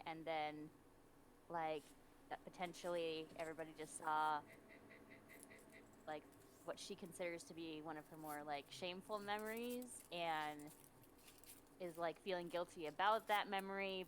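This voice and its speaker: A woman player explaining her character's thoughts in casual tabletop talk, slow and thoughtful. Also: fairly low pitch, fairly bright tone, slight background noise, poor audio. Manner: thoughtful, explaining slowly with fillers.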